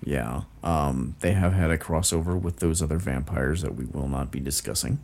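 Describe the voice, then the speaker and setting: A man co-hosting a podcast in casual chat, halting and full of fillers, with dry jokes. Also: very deep voice, darkish tone. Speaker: podcast co-host.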